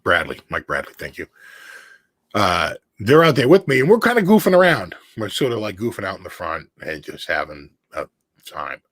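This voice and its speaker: A man chatting as a guest on a video call, telling an animated anecdote and acting out the voices in it. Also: lowish voice, normal speed, dry recording. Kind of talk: casual storytelling chat.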